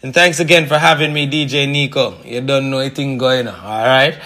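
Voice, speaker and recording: A man's voice: medium pitch, steady tone, brisk, sharp tone. A man, a company president, promoting his products as a guest on a radio show. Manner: promotional, repeats phone number.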